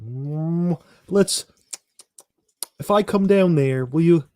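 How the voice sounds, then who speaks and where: A man putting on the nasal, raspy voice of a nervous male frog puppet. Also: fairly high pitch, slow pace, darkish tone. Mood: shifty nervous.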